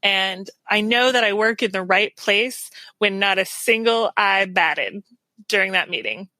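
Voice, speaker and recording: Woman guest, bright voice, earnest and thoughtful, laughs a lot, dry close mic. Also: medium pitch, expressive, measured pace, no room sound. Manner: earnest, reflective, laughs often. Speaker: podcast guest. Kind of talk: casual interview chat.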